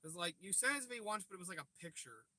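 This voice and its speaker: A man with a high voice talks rapid-fire with lively intonation and a sharp tone, and there's no room sound. He's a livestream host parked in his car by a river at night, joking and swearing as he chats casually with viewers. His phone, propped on the dash, records him.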